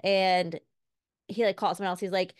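A chatty woman in her thirties co-hosts a casual podcast. She talks in quick asides full of fillers and puts on her toddler's voice when she tells a story. The sound is close and dry, with no room around it. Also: lowish voice, level tone, dry recording. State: recovering from illness. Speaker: podcast co-host. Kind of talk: casual chat.

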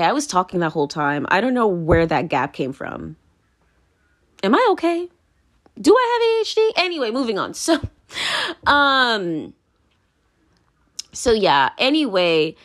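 A woman's voice: mid-range voice, fairly bright tone. A woman vlogging her opinions in a rambling, heated, profane rant full of fillers.

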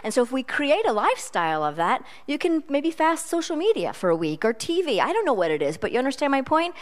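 A middle-aged woman delivers a sermon in a casual, joking manner, sharing self-deprecating stories as she makes her points. Her voice sits a little higher than most. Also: very animated, fast talker. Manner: chatty, self-deprecating storytelling preacher. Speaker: preacher.

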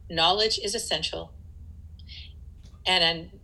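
A woman coaching people through divorce, speaking calmly and repeating her key points. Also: on the low side, slow pace, gravelly, rough recording. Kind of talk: spoken advice talk.

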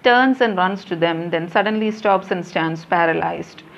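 Gravelly woman reading a play. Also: lowish voice, normal speed, slight background noise. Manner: plain, explanatory. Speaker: teacher reading a play aloud. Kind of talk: reading stage directions and explaining. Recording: dull lo-fi recording.

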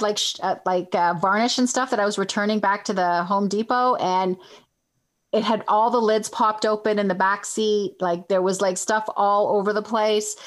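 A middle-aged woman from Canada casually telling a long personal story, rambling and correcting herself as she goes. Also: mid-range voice. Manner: rambling, self-correcting, animated.

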